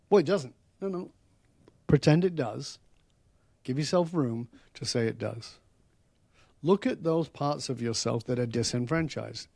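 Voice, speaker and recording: A man speaking as a podcast guest and author, telling stories in an animated, emphatic way that often gets loud. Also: medium pitch, no room sound, clean studio sound. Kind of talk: storytelling interview talk.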